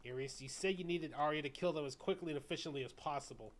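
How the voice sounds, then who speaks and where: A male streamer reading game dialogue aloud in a brisk, pressing way. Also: fairly high pitch, a little hiss or hum.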